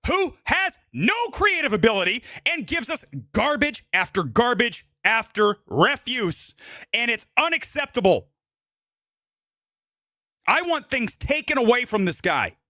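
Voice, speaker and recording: A man's voice: extremely high pitch, sharp tone, no room sound, studio quality. A man hosting a live movie show, delivering an angry, profanity-laced rant at a producer. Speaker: movie podcast host. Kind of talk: live-streamed film rant.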